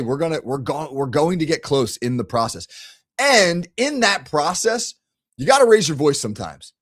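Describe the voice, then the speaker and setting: A middle-aged man, a coach hosting a show, talking bluntly and emphatically, repeating key phrases and restarting his sentences. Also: a little high. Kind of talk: energetic coaching talk to camera.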